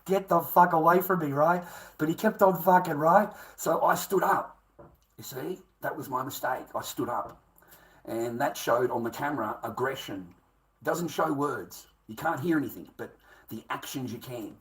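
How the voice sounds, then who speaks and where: A man's voice: medium pitch, moderate pace, low-quality recording. A man telling a rambling personal story, swearing constantly and repeating himself. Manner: swears constantly, restless and repetitive.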